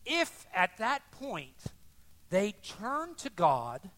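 Older male pastor, conversational sermon, high and bright voice. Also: very slow. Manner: animated, conversational, acts out voices.

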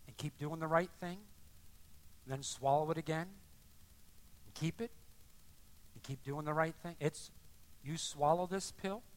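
An older man preaching a sermon in a conversational, animated way, often acting out the people he describes. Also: a little high. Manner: animated, conversational, acts out voices. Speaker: pastor.

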